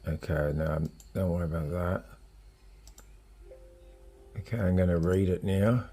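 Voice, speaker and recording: A man's voice: deep voice, steady tone, unhurried, warm tone, soft background music. A man with an Australian accent talking casually while he tunes a car, blunt and rambling, swearing freely. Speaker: car tuner vlogger. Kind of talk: casual vlog talk while working on a car.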